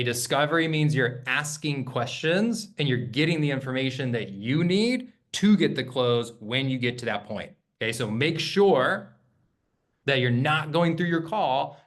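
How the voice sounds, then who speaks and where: A man's voice: mid-range voice, fairly bright tone. A man teaching real estate agents in a workshop, talking in a conversational way and often checking in with "okay?". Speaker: real estate sales trainer.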